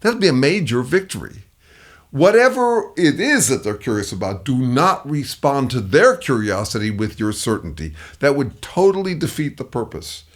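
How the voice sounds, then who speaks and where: A middle-aged man delivering scripted commentary with emphatic force. His pitch swings widely from phrase to phrase, sitting a touch above the usual male range. He slips in and out of the voices of the people he quotes. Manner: emphatic, acts out quoted replies in shifting voices. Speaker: consultant on dealing with difficult people.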